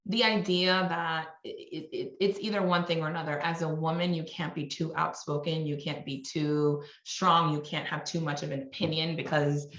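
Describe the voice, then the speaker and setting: A woman's voice: low-pitched, fairly even intonation, moderate pace, hardly any pauses, a bit bright, echoey room, dull audio. A woman from New York, a marketing executive, speaking as a guest in a podcast interview in a candid, conversational way with frequent restarts.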